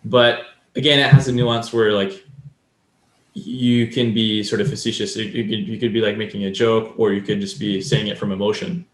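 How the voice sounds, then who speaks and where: A man's voice: lowish voice, little pitch movement, normal speed, reverberant. A man co-hosting a casual podcast, explaining things at length and acting out example lines. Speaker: podcast co-host. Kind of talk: casual chat.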